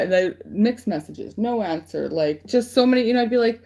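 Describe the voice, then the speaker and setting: A woman's voice: medium pitch, expressive, fairly quick, gravelly, warm tone. A woman giving casual spiritual guidance on a livestream, rambling and swearing freely with lots of fillers. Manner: rambling, profane, filler-heavy. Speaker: spiritual reader channeling guidance.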